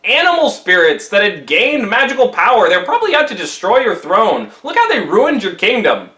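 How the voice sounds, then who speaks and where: A man's voice: high-pitched, wildly swooping pitch, moderate pace, sharp tone, reverberant, heavily acted, rough recording. A man voicing a boastful, carefree male monkey king in a flippant, breezy way.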